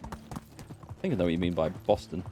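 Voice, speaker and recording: A man's voice: deep voice, animated, normal speed, dark tone, slight background noise. A British man streaming a game, chatting casually, answering his chat and laughing easily. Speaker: let's play gamer and streamer. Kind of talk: casual live-stream commentary.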